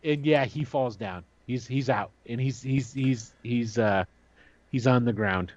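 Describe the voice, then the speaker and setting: A man's voice: medium pitch, unhurried, a little mellow, no echo, highs cut off. A man narrating and running a tabletop role-playing game in a casual, chatty way. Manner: casual, chatty, with many restarts. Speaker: game master.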